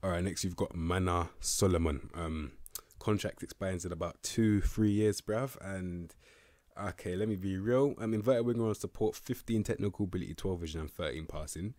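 Young guy with a really low voice, laid back slangy game commentary, dry close sound. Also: moderate pace, darkish tone, no room sound. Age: young adult. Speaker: gaming youtuber. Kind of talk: casual video game commentary.

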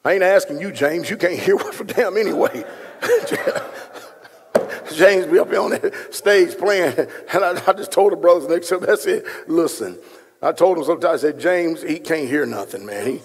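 Gravelly-voiced pastor in an echoing hall. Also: male voice, high voice, normal speed, a little hiss or hum. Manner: folksy, joking, talks straight to the room. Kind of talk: sermon with casual asides to congregation. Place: large hall before a live congregation. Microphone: stage microphone being adjusted. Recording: long hall reverb, echoey.

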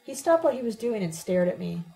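A woman giving a steady, plain first-person audiobook narration. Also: medium pitch, brisk, gravelly, rough recording. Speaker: audiobook reader.

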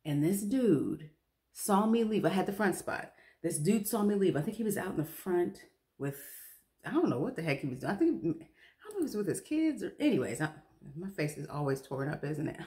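Low-voiced woman vlogger chatting. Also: big pitch swings, brisk, mellow. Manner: chatty, self-mocking, laughs often. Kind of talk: casual chat to camera.

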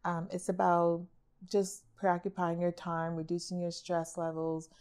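A woman's voice: lowish voice, monotone, a little slow, darkish tone, smooth. A middle-aged woman, an art therapist, talking casually in a podcast interview and acting out quoted remarks. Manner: chatty, acts out quoted remarks.

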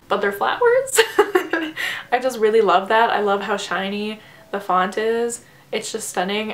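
A woman's voice: mid-range voice, a little hiss or hum. Gushing woman book vlogger, roomy sound. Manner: gushing, enthusiastic, lots of "like" and "oh my god". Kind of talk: casual vlog chat showing books. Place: home room with bookshelves.

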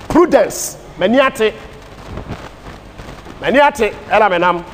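High-voiced Ghanaian preacher in a reverberant church hall. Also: male voice, animated, normal speed, long pauses. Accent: Ghanaian English. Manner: switches between English and Twi, emphatic preaching cadence. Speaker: Bible class teacher. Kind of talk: sermon-style Bible teaching. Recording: distant hall reverb with faint ambient noise.

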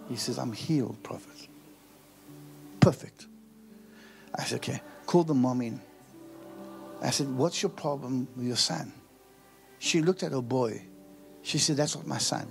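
A middle-aged man preaching a sermon, telling a story with lively acted-out dialogue. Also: mid-range voice, unhurried, creaky, pauses often, soft background music. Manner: animated storytelling, acts out quoted dialogue. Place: large auditorium.

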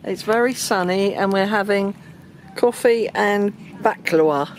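A woman's voice: medium pitch, unhurried, slight background noise. A woman filming a casual travel vlog with a handheld camera, teasing her companion with dry humor. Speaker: vlogger. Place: in a car, then a desert cabin.

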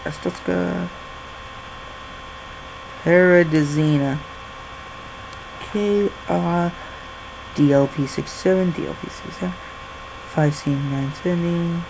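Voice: medium pitch, slow pace, creaky, long pauses, background noise. A gaming channel host giving jokey let's-play commentary while reading game documents aloud.

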